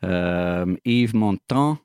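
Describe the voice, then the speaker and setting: Brief: male co-host of a radio movie show, casual, fumbling fillers, deep voice. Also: animated, darkish tone, smooth, dry recording, studio quality. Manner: halting reading with many fillers, stumbling over foreign names. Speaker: radio film-news co-host. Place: radio studio.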